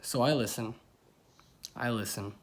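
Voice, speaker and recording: A man's voice: medium pitch, a little slow. Young man rambling through a story. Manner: rambling, animated, bursts into loud exclamations. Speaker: vlogger. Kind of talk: casual storytelling to camera.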